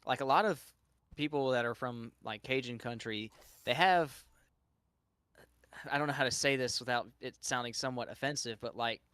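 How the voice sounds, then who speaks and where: A man's voice: medium pitch, normal speed, fairly bright tone, clean tone. A man from Louisiana with a Southern accent, talking in a casual live-stream chat and rambling through his thoughts with frequent restarts. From Louisiana, USA. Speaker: guest streamer.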